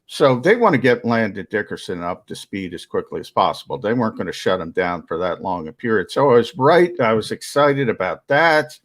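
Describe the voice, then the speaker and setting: A man's voice: on the low side, very animated, fairly quick, hardly any pauses. Opinionated man talking football. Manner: opinionated, restarts often. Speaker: sports analyst. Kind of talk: casual sports talk.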